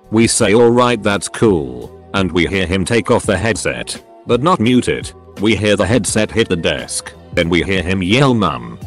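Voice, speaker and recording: A man reading out online stories in a steady scripted narration. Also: fairly low pitch.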